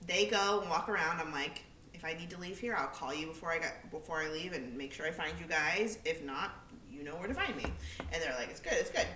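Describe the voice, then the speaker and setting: A young woman with a low, bright voice tells a story on a podcast, casual and animated, acting out the people in it and swearing freely. She sits a little back from the mic in an echoey room. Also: fairly quick, distant mic, slight background noise. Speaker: podcast co-host.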